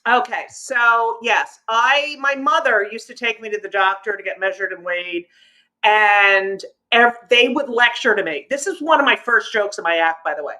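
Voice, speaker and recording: A woman comedian on a video call, telling stories in a brash, animated, punchy way. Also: fairly high pitch, moderate pace, poor audio. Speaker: comedian guest. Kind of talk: stand-up storytelling on a video call.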